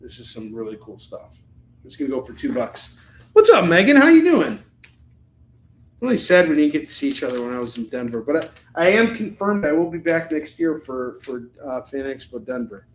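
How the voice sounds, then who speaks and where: A man's voice: mid-range voice, a little fast, a little hiss or hum. Chatty man selling comics in an echoey room. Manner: chatty and rambling, jokey asides. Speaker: live-stream comic book seller. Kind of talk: casual live sales chat.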